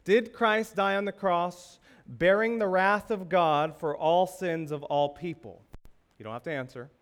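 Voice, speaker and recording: A man's voice: high-pitched, a little slow. A male pastor preaching a sermon, asking the congregation rhetorical questions with emphasis.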